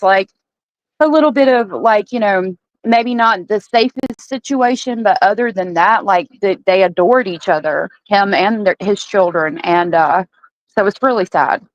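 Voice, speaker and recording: A woman's voice: medium pitch, no echo, lo-fi sound. A woman guest on a true crime chat, talking casually and hesitantly with many fillers, in a sympathetic tone.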